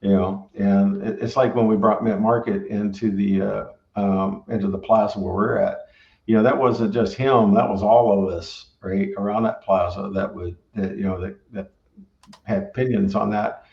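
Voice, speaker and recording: A man's voice: lowish voice, steady tone, normal speed, vocal fry. A middle-aged man, a restaurant owner, telling his story in casual, rambling conversation full of tag questions. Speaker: barbecue restaurant owner and former engineer. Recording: roomy, dull recording.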